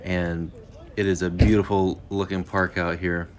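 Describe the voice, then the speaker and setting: Low steady-voiced guy, easygoing vlog host talking outside at a park. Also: measured pace. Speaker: disc golf video host. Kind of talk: casual vlog narration. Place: outdoors at a park.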